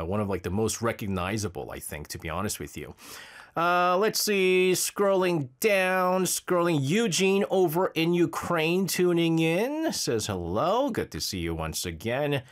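A man hosting a live show, chatting casually and rambling between listener messages with frequent laughs. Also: deep voice. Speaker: radio show host reading listener messages.

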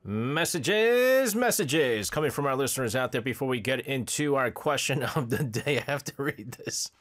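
Lively joking male radio host. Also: medium pitch, moderate pace. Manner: animated, jokey, laughs often. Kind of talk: casual radio chat reading listener messages.

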